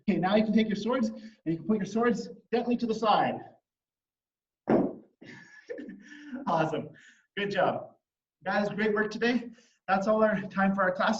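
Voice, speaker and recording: Animated upbeat martial arts instructor. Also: male voice, sits high, roomy sound. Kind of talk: online kids class and storytelling. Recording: distant lo-fi livestream audio.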